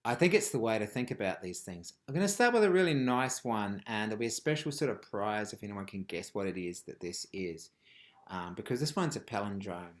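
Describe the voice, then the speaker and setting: A man teaching a live online rhythm workshop, chanting rhythmic words and dropping from loud calls to whispers. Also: fairly low pitch, lively intonation, a little fast. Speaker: music teacher. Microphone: video call.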